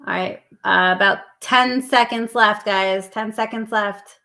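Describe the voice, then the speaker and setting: A woman's voice: medium pitch, unhurried, creaky, pushed and bright. A woman co-hosting a casual live stream, chatting and reading out lists of viewer guesses. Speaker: livestream co-host.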